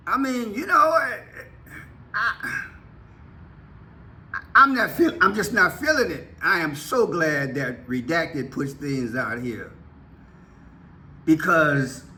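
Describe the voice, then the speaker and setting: A man hosting his own channel, giving casual political commentary with playful, drawn-out exclamations. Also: very high-pitched, bright, forceful tone. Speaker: channel host.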